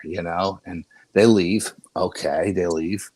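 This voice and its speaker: An older man with a low, deep voice tells a long story as a guest. He rambles casually, restarting his sentences and filling gaps with "you know". The sound is close and dry, with no room around it. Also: fairly even intonation, moderate pace, few pauses, a little mellow, no room sound. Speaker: paranormal investigator guest.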